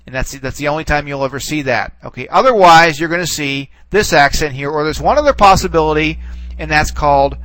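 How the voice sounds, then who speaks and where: A man's voice: fairly high pitch, fairly quick, fairly bright tone, no echo, rough recording. A man teaching a recorded lesson, explaining step by step and often checking in with "okay?" while he types on screen, trailing off and repeating words as he works.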